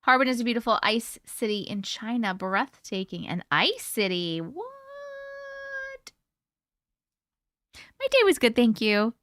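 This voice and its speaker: Bright-voiced woman in her thirties, chatty. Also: mid-range voice, sing-song, normal speed, few pauses, no echo. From Colorado. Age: 30s. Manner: chatty, giggly, reads viewer comments aloud. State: sleepy, yawning. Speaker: live-stream host. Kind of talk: casual livestream chat.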